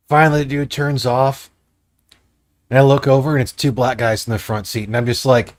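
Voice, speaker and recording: A man from Michigan, co-hosting a casual voice-chat podcast and telling stories in an animated, profane way. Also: medium pitch, a little fast, dry recording. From Michigan, United States. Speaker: podcast co-host.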